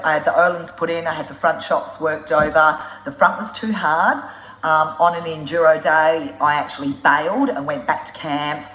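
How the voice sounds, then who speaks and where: A woman telling road-trip stories on a live stream, animated and blunt, swearing freely and laughing often. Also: sits low, roomy sound, low-quality recording. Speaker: motorbike traveller hosting a live Q&A. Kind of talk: casual live-stream storytelling.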